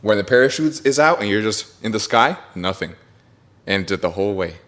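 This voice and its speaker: A young man hosting a podcast, telling an excited story in casual chat, swearing and laughing often. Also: on the low side, brisk. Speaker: podcast host.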